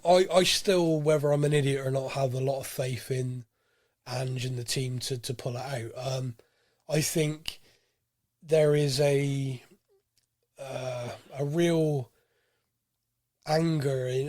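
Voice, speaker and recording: A man co-hosting a casual football fan podcast, talking in an animated, rambling way with frequent restarts. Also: mid-range voice, no room sound, clean studio sound. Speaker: podcast co-host.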